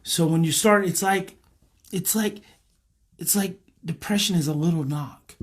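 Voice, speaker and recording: A man, a parenting educator, leading a guided emotional exercise in a slow, repetitive coaching cadence. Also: high voice.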